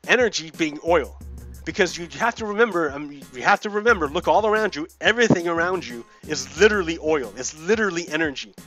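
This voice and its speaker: Let's-play host, male, slightly high voice, heated and repetitive casual rant with swearing. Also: lively intonation, fast, sharp tone, soft background music. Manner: heated, profane, repeats himself. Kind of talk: casual political rant while gaming.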